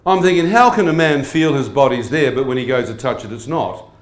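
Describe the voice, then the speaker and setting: A man preaching a testimony sermon, animated and questioning his listeners. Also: medium pitch, brisk. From New Zealand. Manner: animated, asks the crowd questions. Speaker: evangelist. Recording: echoey hall.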